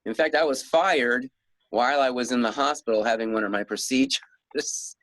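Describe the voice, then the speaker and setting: A man's voice: medium pitch, moderate pace, fairly bright tone, no echo, rough recording. Chatty man, dry close sound. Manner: rambling, chuckles often, many restarts. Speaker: guest author. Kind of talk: casual interview talk.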